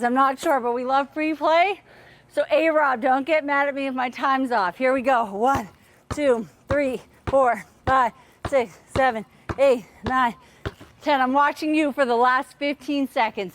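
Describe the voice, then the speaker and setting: Energetic woman coach, high voice, counts drills aloud for kids, a bit winded. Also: a little slow, slight background noise. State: out of breath. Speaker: tennis coach. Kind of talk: live online kids' workout lesson.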